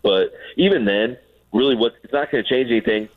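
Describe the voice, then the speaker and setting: A man's voice: mid-range voice, brisk, no room sound. A man, a former player, telling baseball stories in casual chat on a radio show, acting out what people said, with lots of restarts. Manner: animated, acts out quotes, repeats words. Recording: phone-like narrow sound.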